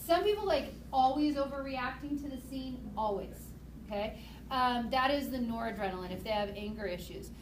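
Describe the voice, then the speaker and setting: Woman biology teacher, high voice, chatty and animated, recorded far off in a noisy, echoey classroom. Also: normal speed. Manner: lively, chatty, acts out examples. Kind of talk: classroom lecture.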